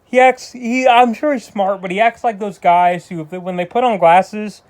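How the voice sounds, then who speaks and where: A man's voice: high voice, steady tone, normal speed. A man giving a casual spoken film review, rambling with frequent restarts and loose asides. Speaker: movie reviewer.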